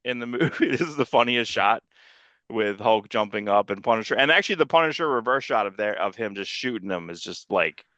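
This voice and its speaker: A man's voice: on the low side, expressive, brisk, pushed and bright, dry recording, lo-fi sound. A man co-hosting a comics podcast, chatting casually and rambling through a movie review, often restarting his sentences. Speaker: podcast co-host.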